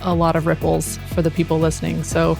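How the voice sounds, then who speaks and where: A woman hosts a podcast in a casual, gently affirming way. Her voice sits a little low and has a gravelly fry running through it. Faint music plays softly behind her. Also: completely flat delivery, quick pace. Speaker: podcast host. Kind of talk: casual interview chat.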